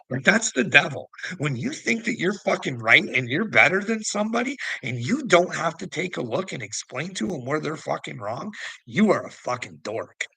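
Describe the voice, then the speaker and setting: A man's voice: a little high, creaky, bright, forceful tone, husky, no echo. A man talking to the camera in a rambling, preachy monologue, swearing constantly. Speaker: vlogger.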